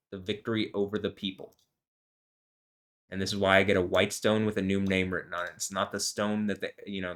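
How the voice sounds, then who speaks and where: Give me a man with a fairly low voice who reads scripture and rambles profanely between the verses. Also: fairly bright tone. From United States. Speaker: host. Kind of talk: scripture reading with rambling commentary.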